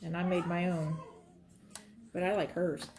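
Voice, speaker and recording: A woman's voice: fairly low pitch, flat delivery, measured pace, darkish tone, slight background noise. A woman, chatting and rambling to viewers while she demonstrates quilting, talking straight to her audience. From Florida. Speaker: quilting livestream host.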